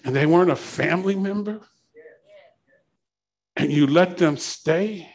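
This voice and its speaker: A man preaching a sermon, climbing into shouts and asking the congregation to finish the verses. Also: fairly high pitch, unhurried, vocal fry. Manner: preaching with rising shouts and call-and-response questions. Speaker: pastor.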